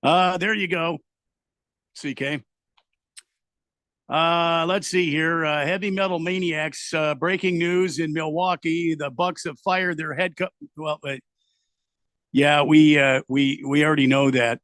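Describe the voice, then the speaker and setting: A man's voice: on the high side, fairly even intonation, measured pace, a bit bright, no room sound, studio quality. A man hosting a casual radio show, reading out listener messages in a loose, easygoing way with lots of fillers. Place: home studio in Arizona.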